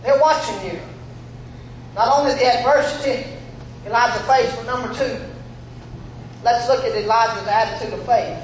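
A man preaching a fervent sermon, shouting out lines and acting out Bible figures in a folksy way. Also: extremely high pitch, normal speed, pauses often, slight background noise. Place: church sanctuary. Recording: echoey room, muffled.

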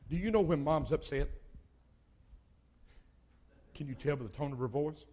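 An older man preaching a sermon as pastor, swinging between loud exhortation and quiet asides. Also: fairly high pitch, expressive, unhurried, long pauses, husky.

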